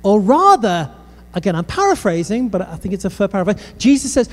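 Male pastor, from the UK, passionate exhorting sermon, high mellow voice, long hall echo. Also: very animated, brisk. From United Kingdom. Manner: passionate and exhortative, with conversational asides. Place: church hall. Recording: echoey hall.

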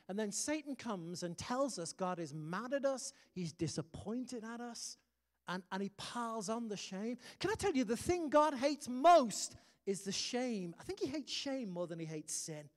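A British man preaching a sermon, emphatic and humorous, with sudden punchy exclamations. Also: high-pitched. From Britain. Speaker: pastor. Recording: long hall reverb.

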